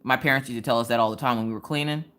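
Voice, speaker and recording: A woman hosting a casual crafting livestream, telling stories in an animated, slangy way and talking straight to her chat. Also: rumbling low, very fast. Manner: animated storytelling, quotes people in different voices. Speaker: livestream host.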